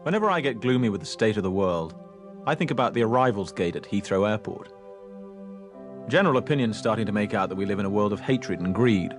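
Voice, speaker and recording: An actor voicing a calm, reflective male prime minister in a film voiceover. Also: lowish voice, fast talker, lightly acted. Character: gentle British male prime minister narrating. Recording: film clip over loud music score.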